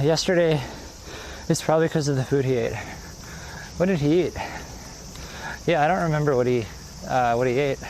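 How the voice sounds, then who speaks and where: A man's voice: on the high side, darkish tone, a little hiss or hum, poor audio. A man live-streaming as he walks outdoors, chatting loosely and answering viewers, a little out of breath from the climb. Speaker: walking livestreamer. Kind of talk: casual live-stream chat while walking. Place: outdoors, countryside road.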